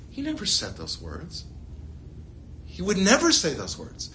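A man teaching a Torah class, his voice swooping up and down with animation. His tone is bright and forceful, and he keeps throwing rhetorical questions and playful asides at his listeners. A faint hum of room ambience sits behind him. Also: high voice, wildly swooping pitch, measured pace.

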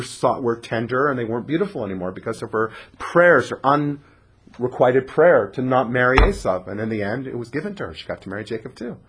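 A man giving an animated Torah lecture, dramatic and acting out the characters' voices. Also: medium pitch, slightly rough. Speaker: Torah teacher.

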